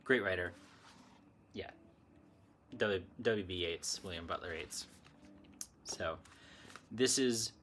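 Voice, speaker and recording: Man, casual spiritual chat host, rambling, self-correcting, forceful bright tone. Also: sits low, normal speed, pauses often, a little hiss or hum. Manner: meandering, self-correcting, chatty. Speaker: channel host. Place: home desk with computer and lamp.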